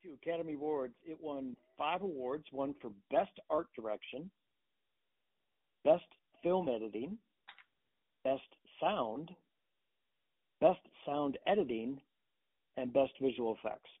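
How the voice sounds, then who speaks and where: A man's voice: medium pitch, lively intonation, measured pace, pauses often, breathy edge, dry recording. A man chatting casually about a film, hesitant with many restarts and fillers. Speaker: movie podcast co-host. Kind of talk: casual chat. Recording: tinny phone-like line.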